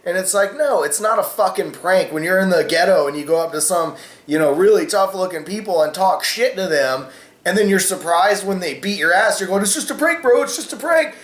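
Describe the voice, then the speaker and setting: A man's voice: high-pitched, a little fast, fairly bright tone, echoey room. A man hosting a casual opinion vlog, rambling with many fillers and cussing freely. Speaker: vlogger host.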